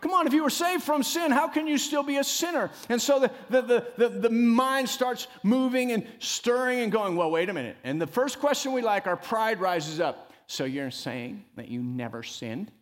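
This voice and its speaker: A man preaching a sermon as pastor, emphatic and animated, often rising loud and dropping to a near hush. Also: normal speed, few pauses, in a large hall. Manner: emphatic preacher who rises and drops in pitch and loudness, calling "come on".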